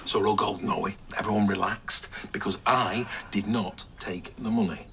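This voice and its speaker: A man's voice: fairly low pitch, steady tone, normal speed, a bit bright, a little hiss or hum. An actor playing a breezy middle-aged man, the mum's new partner, in a TV soap. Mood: defensive. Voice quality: jokey, theatrical, wheedling. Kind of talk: TV soap drama acting.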